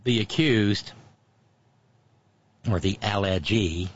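A man's voice: lowish voice, takes it slowly, lo-fi sound. A man hosting casual political commentary, sardonic and mocking, with frequent asides.

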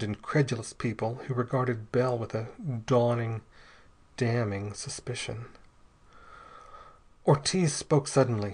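A man with a middle-pitched voice reads a story aloud as narrator. His delivery is steady and dramatic, with scripted pacing.

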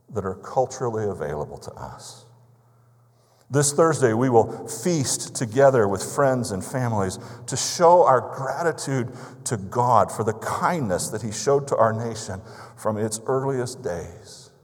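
A man preaching a sermon as pastor, telling stories conversationally and asking emphatic rhetorical questions. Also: fairly low pitch. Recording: long reverb of a large hall.

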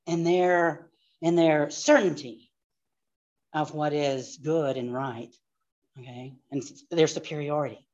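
A woman pastor with a drawl, teaching a live church class. She talks fast and animated, throwing in asides, in a lowish voice. The recording is dull and lo-fi.

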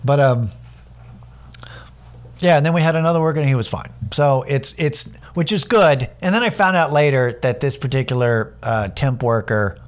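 A man in the middle of a comic story, loose and profane, with lots of restarts. He jumps into quoted voices for himself and the other guy and sits at an ordinary pitch for a man. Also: normal speed. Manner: animated, acts out both sides of a quarrel in quoted voices; casual and profane, many restarts and fillers. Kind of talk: storytelling comedy monologue.

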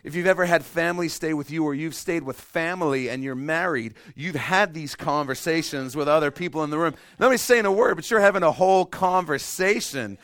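A middle-aged male pastor preaching a sermon, telling stories with self-deprecating humor and swinging between loud emphasis and hushed, quiet stretches. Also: on the high side, a little fast, few pauses, dry recording, studio quality.

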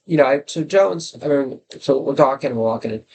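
A man in his forties with a gravelly, creaky voice and a middling pitch hosts a solo podcast. He wanders from story to story with crude jokes and self-deprecating asides. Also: animated, a little fast, a little mellow, a little hiss or hum. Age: 40s. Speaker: podcast host and comedy writer. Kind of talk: rambling solo podcast monologue.

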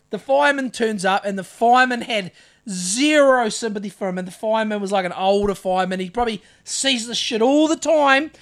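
A man's voice: sits high, brisk. A man, a podcast co-host getting over covid, telling a story in casual chat, cursing freely and acting out what he said. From New Zealand. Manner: profane, animated storyteller acting out his own lines. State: recovering from covid.

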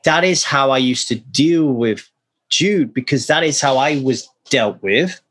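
A man talking candidly in a relaxed conversation, earnest and casually swearing, often restarting his sentences. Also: mid-range voice, unhurried. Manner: acts out quoted speech animatedly.

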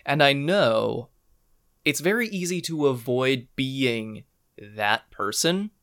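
A man's voice: medium pitch, animated, slow, a bit bright. A young man co-hosting a podcast, chatting casually in a self-deprecating way into his microphone. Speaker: podcast co-host. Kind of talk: casual chat.

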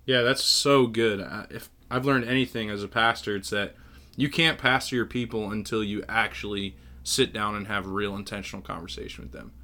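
A man's voice: fairly low pitch, steady tone, normal speed, sharp tone. A man who is a pastor, co-hosting a podcast in casual chat and speaking in an affirming, emphatic way.

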